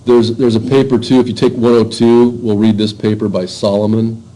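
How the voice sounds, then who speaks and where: A man lecturing to a university class in an informal, halting way, with frequent fillers and restarts. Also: fairly low pitch, flat delivery, mellow, low-quality recording.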